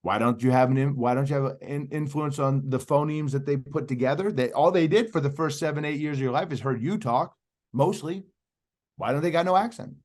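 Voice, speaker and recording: A man's voice: a little high, fairly quick, darkish tone. A middle-aged man talks as an interview guest, emphatic and persuasive. He presses the host with questions and keeps driving his point home. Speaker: podcast guest, youth speaker. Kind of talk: animated interview talk.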